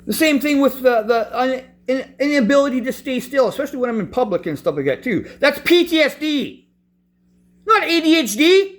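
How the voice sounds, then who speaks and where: A man with a noticeably high voice rants in frustration. He swears constantly and keeps breaking off and restarting his sentences as he tells his own story. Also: big pitch swings, moderate pace, fairly bright tone. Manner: profane, frustrated, restarts often. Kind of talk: angry personal rant.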